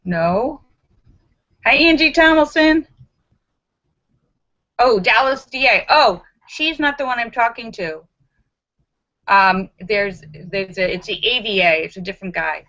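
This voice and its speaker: A woman's voice: medium pitch, unhurried, long pauses, pushed and bright, muffled recording. A woman hosting a live stream, chatty, greeting viewers by name and reading out their jokes.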